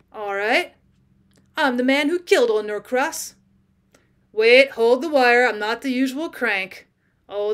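A woman's voice: a little high, close to an everyday voice. A woman reading as a boastful, vain male crook.

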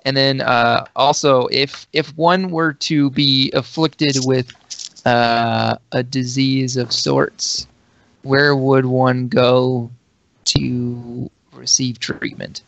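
A man at a tabletop game, asking hesitant questions full of fillers. His voice is gravelly, and the recording is dry and muffled. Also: medium pitch, steady tone, drawn-out words, fairly bright tone, no echo. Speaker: player. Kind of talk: casual tabletop play.

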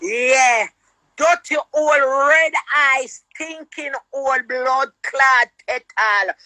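A Jamaican woman ranting loudly into her phone in patois, cursing, shouting and chanting. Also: high voice, slow, dry recording, rough recording.

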